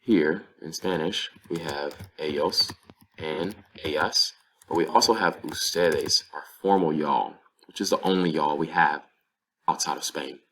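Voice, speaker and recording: A man with a very low, deep voice teaches a language lesson. He explains things patiently and step by step, working through example phrases. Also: unhurried, fairly bright tone. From North Carolina, USA. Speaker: Spanish teacher.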